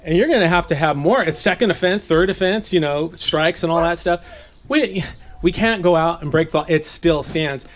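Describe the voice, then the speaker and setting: A man's voice: a little high, moderate pace. A man raised in Southern California giving an informal, conversational Bible teaching, laughing at his own jokes.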